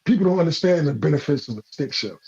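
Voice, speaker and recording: Man with a high voice, profane slangy rambler. Audio sounds dull and lo-fi. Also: lively intonation, quick pace, darkish tone, slightly rough. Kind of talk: casual live-stream chat.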